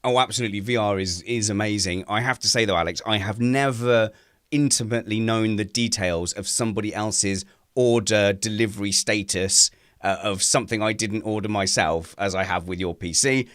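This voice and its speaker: A man's voice: on the low side, normal speed, clean tone, dry recording, studio quality. A man co-hosting a casual podcast, teasing his friends. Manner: teasing, animated. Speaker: co-host.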